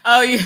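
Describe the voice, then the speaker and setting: A woman hosts a relaxed livestream and talks her viewers through their comments. Her voice is bright and forceful, and she speaks slowly. She cheers people on in a folksy way and laughs often. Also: fairly high pitch. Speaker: livestream host. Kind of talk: casual livestream chat answering viewer comments.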